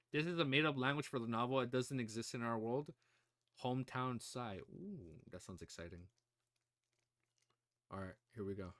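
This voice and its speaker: A man hosting a livestream reaction, chatting excitedly with viewers and his puppy. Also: medium pitch, normal speed, long pauses. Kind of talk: casual livestream reaction chat.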